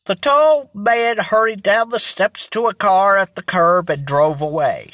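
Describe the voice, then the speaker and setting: A narrator reading a mystery story aloud with scripted, animated delivery. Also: mid-range voice, measured pace, dry recording. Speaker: audiobook narrator.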